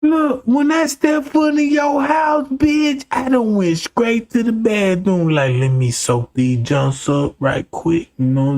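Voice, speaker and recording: A man livestreaming, telling a profane, rambling story to his chat, dropping to low mutters and then shouting. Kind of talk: casual storytelling to a live chat.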